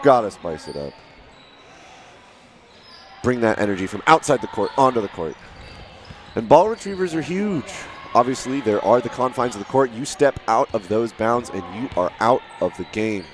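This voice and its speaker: A man giving live play-by-play commentary, rising to shouts at big plays. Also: medium pitch. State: out of breath.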